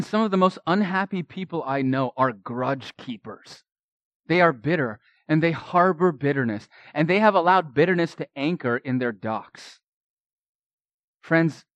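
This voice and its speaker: A man preaching in a church with a slightly high voice. His delivery is earnest and rises to forceful emphasis before falling soft again. The sound is dry and close. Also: no echo. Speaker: pastor. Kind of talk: expository sermon.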